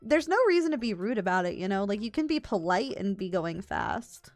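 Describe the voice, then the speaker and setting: A woman's voice: mid-range voice, big pitch swings, a little fast, no room sound. A young woman chatting as a guest, telling candid, exasperated stories from working a theme park ride. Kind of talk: casual chat.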